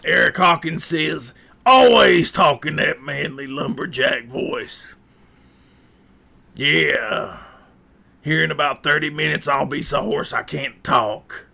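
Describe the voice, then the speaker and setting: A man on a livestream putting on a macho, gravelly male lumberjack voice with an exaggerated manly drawl. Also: fairly high pitch, slow, bright, forceful tone, exaggerated voice. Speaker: livestream host.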